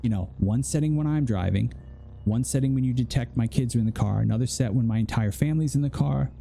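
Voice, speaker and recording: A man with a very dark, mellow voice talks casually while playing a video game. He chats and jokes his way through the session, drifting into rambling asides. His pitch sits right in the middle for a man. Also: fast, gravelly, a little hiss or hum. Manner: chatty and joking, rambling asides. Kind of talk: casual gameplay commentary.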